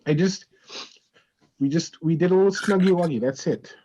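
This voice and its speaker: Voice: mid-range voice, moderate pace, warm tone, a little hiss or hum, close to an everyday voice, poor audio. An actor playing a young woman trying to escape her engagement, speaking hesitantly in an improvised stage comedy.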